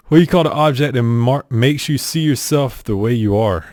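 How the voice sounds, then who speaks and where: Speaking fairly quickly with hardly any pauses, a male streamer in a mid-range, darkish voice reads quiz questions for a casual accent-tag challenge. The recording is dry. He has a South Carolina accent, is from the southern US, and answers in a sarcastic, exasperated, deadpan manner.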